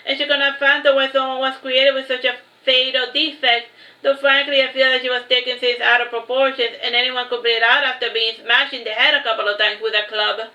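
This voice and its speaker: High, bright-voiced woman reading a story. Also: fairly quick. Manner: steady read-aloud delivery with occasional slips. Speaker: author reading her own book. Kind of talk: first-person storybook narration. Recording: echoey room, slightly dull lo-fi sound.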